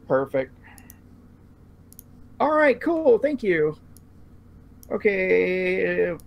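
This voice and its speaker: A man's voice: sits high, big pitch swings, very slow, gravelly, dull audio. A man hosting a casual podcast, talking loosely with lots of fillers and restarts. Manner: rambling, many fillers and restarts. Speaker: podcast host.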